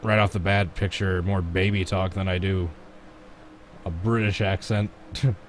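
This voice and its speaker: Speaking a little slowly with fairly even intonation, this low-pitched man streams a racing game from home over slight background noise. He keeps up easygoing commentary, responding to his viewers and to what happens on track.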